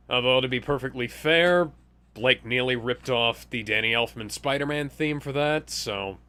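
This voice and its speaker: A man's voice: medium pitch, a little slow, sharp tone, clean tone. A man casually riffing on a movie as a commentary co-host, sarcastic and exasperated, swearing freely.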